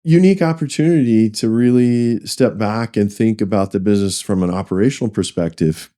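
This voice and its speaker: Deep, mellow-voiced man telling career stories. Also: a little fast. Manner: rambling, restarts often, acts out quoted dialogue. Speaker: guest, finance executive. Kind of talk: conversational interview storytelling.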